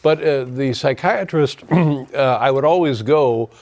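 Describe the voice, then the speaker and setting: A man chatting on a talk show, halting and formal, with frequent restarts and fillers. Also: medium pitch, a little mellow.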